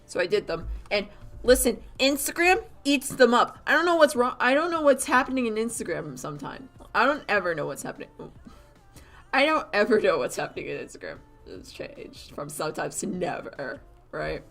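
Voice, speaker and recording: A woman chatting casually while she draws on a live stream, rambling and animated, laughing often and filling her talk with "like". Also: mid-range voice, moderate pace, soft background music. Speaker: artist streamer.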